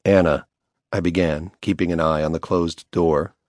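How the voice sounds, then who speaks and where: A man narrating a first-person audiobook in a measured, hushed storytelling manner, recorded close on a studio mic. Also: low voice, steady tone, dry recording.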